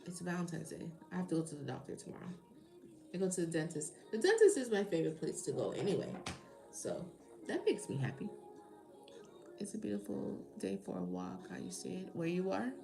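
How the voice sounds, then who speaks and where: Tired, gravelly woman chatting on a live stream. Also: fairly low pitch, very animated, brisk, over music. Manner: rambling, chatty, talks straight to viewers. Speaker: tarot reader hosting a live stream. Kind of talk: casual live-stream chat.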